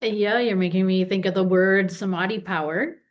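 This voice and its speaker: A woman leading a casual group discussion, speaking in a calm, thoughtful way. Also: medium pitch, normal speed, highs cut off.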